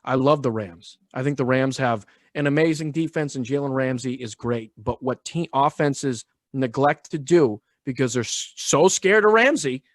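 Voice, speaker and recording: A man co-hosting a sports podcast, joking and talking with crude, animated banter. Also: mid-range voice, normal speed, hardly any pauses, no echo, clean studio sound. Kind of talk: casual sports analysis chat.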